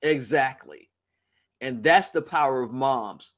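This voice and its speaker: A man's voice: medium pitch, takes it slowly, a bit bright. A man hosting a casual interview, reacting with short exclamations and asking reflective questions. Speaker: interview host.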